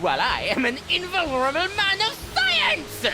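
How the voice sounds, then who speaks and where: A man's voice: extremely high pitch, wildly swooping pitch, moderate pace, over loud music, exaggerated voice. A boastful mad scientist villain in an adventure game, speaking. His delivery is pompous and grandiose, swinging wildly across his range. He sounds full of himself and sneering. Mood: haughty.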